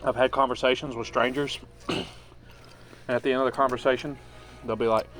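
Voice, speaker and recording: A man's voice: medium pitch, fairly even intonation, a little fast, a bit bright, soft background music. A young man from Birmingham, Alabama, casually co-hosting a podcast and telling joking stories. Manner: joking, laid-back storytelling. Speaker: podcast co-host. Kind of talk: casual chat.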